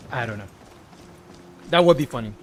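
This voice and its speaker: A man's voice: medium pitch, normal speed, slight background noise. Chatty man streaming a game. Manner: relaxed, chatty, reads chat aloud. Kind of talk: casual game-stream chat.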